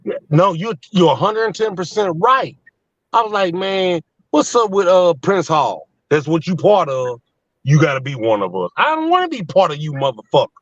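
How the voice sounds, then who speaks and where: Calling in from his truck on the road, a fifties-aged guest on a casual live panel recounts a story heatedly, swearing as he goes. His high, sing-song voice moves at a moderate pace, coming through a dull lo-fi line with no room sound.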